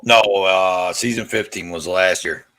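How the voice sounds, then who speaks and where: Man, low voice, podcast guest, casual chat, eager, halting, video call. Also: sharp tone, no room sound. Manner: eager, halting fan talk with restarts.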